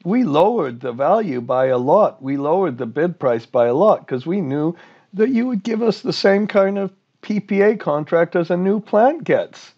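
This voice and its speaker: A man's voice: high voice, animated, moderate pace, husky, muffled recording, pitched above the performer's own voice. A man voicing an aggrieved plant owner who insists he was treated unfairly.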